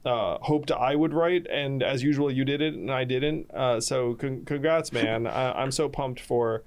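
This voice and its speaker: A man's voice: medium pitch, unhurried, clean tone. A man in his forties hosting a podcast, upbeat as he plugs a book and congratulates his guest. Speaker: podcast host. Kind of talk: casual podcast chat.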